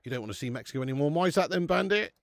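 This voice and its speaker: British male streamer, young, gravelly, dry close-mic sound, loose sweary banter. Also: fairly high pitch, animated, racing, a bit bright, no room sound. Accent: British English. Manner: chatty, swears freely, reads viewer comments aloud. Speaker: watch-along host. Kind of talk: casual live-stream chat.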